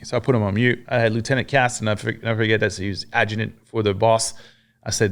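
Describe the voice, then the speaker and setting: Fairly low in pitch, fairly even in intonation, and quick, the voice belongs to a French army veteran guesting on a podcast. His casual war stories come loaded with profanity and acted-out quotes.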